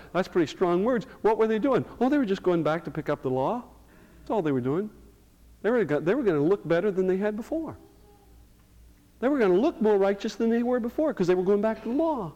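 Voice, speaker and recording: A middle-aged male pastor preaching a sermon to his congregation, going from hushed and slow to loud and emphatic. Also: sits high, dull audio. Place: church sanctuary. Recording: reverberant church hall.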